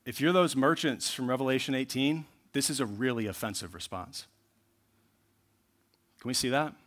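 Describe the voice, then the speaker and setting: A man preaching a sermon in an earnest way, going from low asides to loud bursts. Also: moderate pace. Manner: earnest preaching, rising to loud bursts when reading scripture. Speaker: pastor.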